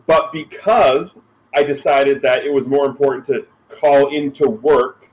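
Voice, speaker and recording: A man's voice: medium pitch, fairly even intonation, unhurried, darkish tone, rough recording. A man playing in a tabletop game, casually explaining his character's plans. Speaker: player.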